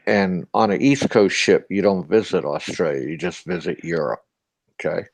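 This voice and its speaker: A man's voice: low voice, moderate pace, creaky, no room sound. An older man with a Boston accent, a former sailor telling profane, boisterous stories in a casual chat. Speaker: ex-sailor storyteller.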